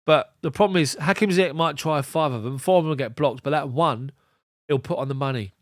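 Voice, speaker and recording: A man's voice: a little high, a little fast, no room sound, clean studio sound. Chatty man commentating live. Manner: chatty, rambling, addresses viewers by name. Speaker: fan commentator reading live chat. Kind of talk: casual live match commentary.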